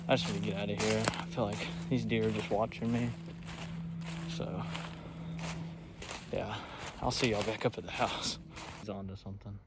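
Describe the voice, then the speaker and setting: A young man rambling in a laid-back way, often keeping his voice low, in a casual outdoor hunting vlog. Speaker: hunting vlogger. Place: outdoors in woods by a food plot. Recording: outdoor noise behind. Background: outdoor noise.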